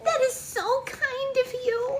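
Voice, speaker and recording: A woman voicing a small, weepy, lonely female fairy in a high, slow, sweet voice while reading a storybook aloud. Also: fairly even intonation, noisy background. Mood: grateful.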